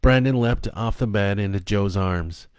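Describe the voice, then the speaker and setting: Give me a low-voiced man narrating a dark tale slowly, with a gravelly edge. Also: no echo. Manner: slow, even, low-key reading. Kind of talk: scripted story narration.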